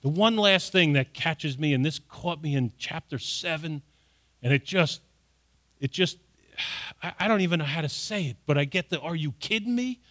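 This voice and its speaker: A middle-aged male pastor with a bright, forceful voice that sits a little high for a man. He reads scripture aloud and then preaches on it, pressing his points with growing emphasis. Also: moderate pace. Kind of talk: sermon.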